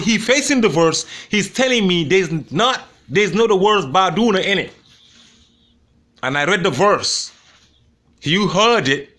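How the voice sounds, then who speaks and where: A man's voice: high-pitched, expressive, unhurried, a bit bright. A man hosting a debate show, giving heated, mocking commentary on a replayed clip and repeating his points. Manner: scornful, mocking, repetitive.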